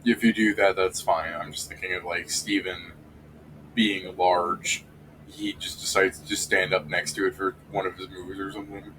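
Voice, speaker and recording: A man's voice: deep voice, level tone, moderate pace, noisy background. A man running a tabletop game, chatting loosely and profanely between turns and acting out the lines in his stories. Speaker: dungeon master and streamer. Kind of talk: casual out-of-game banter.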